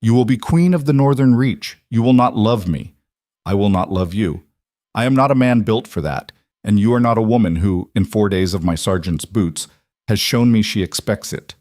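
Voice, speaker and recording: A man reading the part of a stern king in an audiobook romance, speaking quietly and deliberately with blunt command. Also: lowish voice, expressive, no room sound, studio quality, lightly acted. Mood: cold, blunt.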